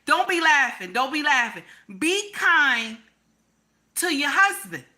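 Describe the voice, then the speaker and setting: A woman's voice: high voice, very animated, slow, sharp tone. A woman giving relationship advice in a profane, emphatic monologue, repeating her points over and over. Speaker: relationship commentator.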